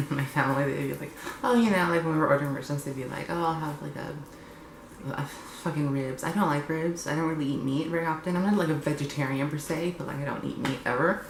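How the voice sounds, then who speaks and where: A young man vlogging casually and bluntly, sarcastic and quick to swear. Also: a little high, creaky, echoey room, a little hiss or hum, rough recording. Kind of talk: confessional casual vlog.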